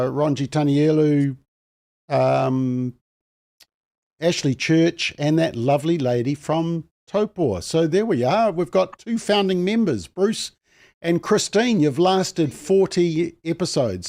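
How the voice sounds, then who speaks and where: A man's voice: fairly high pitch, a little mellow. A man hosting a panel show, chatty and self-mocking, with lots of fillers. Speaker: host.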